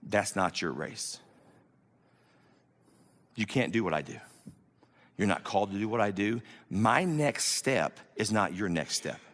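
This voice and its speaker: A man's voice: lowish voice, expressive, measured pace, long pauses, fairly bright tone. A man in his fifties, a pastor preaching an emphatic, conversational sermon full of rhetorical questions, in a church. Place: church sanctuary. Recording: long hall reverb in a church.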